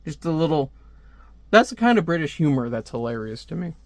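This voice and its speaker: A man's voice: fairly high pitch, very animated, brisk, dry recording. A man reviewing a comic book in a casual read-aloud, rambling into chatty asides.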